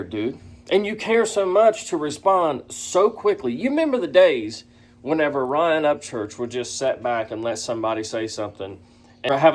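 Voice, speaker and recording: A man hosting a reaction commentary vlog, talking in a sarcastic, mocking way and often laughing. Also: medium pitch. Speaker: commentary vlogger.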